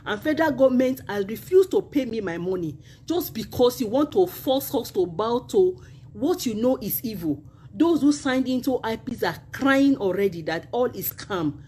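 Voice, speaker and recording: A woman's voice: mid-range voice, animated, moderate pace, mellow, slight background noise. A woman with a Nigerian accent, a university union member making an impassioned video appeal, emphatic and indignant, repeating her points.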